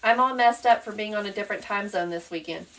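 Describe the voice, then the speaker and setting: A woman's voice: medium pitch, fast talker, fairly bright tone, far from the mic. A woman with a Southern accent, hosting a live-stream craft tutorial, chatting through the steps and answering viewers by name as she works.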